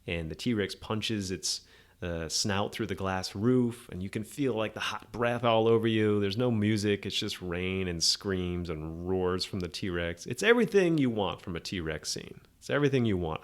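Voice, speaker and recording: A man hosting a podcast, giving a rambling, sarcastic, opinionated movie review in a casual monologue. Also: lowish voice. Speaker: podcast host.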